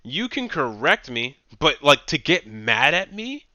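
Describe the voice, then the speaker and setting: A man streaming casual reaction commentary, animated and mocking, often laughing. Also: on the high side, a little slow, no echo, muffled recording.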